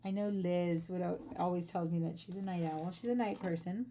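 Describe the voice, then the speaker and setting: An artist hosting a laid-back livestream from her home studio chats and rambles to viewers while packing orders, sounding sleepy as if she has just woken up. Her voice is fairly low and steady, fairly quick, and heavy background noise surrounds it.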